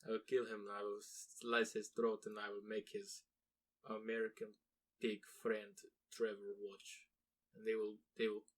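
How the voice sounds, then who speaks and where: A man putting on a low, menacing Russian hitman. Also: completely flat delivery, unhurried. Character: menacing male Russian hitman, cold-blooded.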